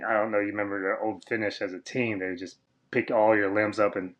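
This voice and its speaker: A man, a former wrestler, telling a long story as a podcast guest, with lots of fillers, and he jumps high and loud when he quotes other people. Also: flat delivery, quick pace. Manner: rambling, filler-heavy, acts out quoted voices high and loud. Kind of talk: casual storytelling interview.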